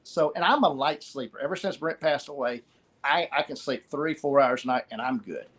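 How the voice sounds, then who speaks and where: A middle-aged man telling a personal story as an interview guest, halting and repeating words. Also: medium pitch, a bit bright, husky.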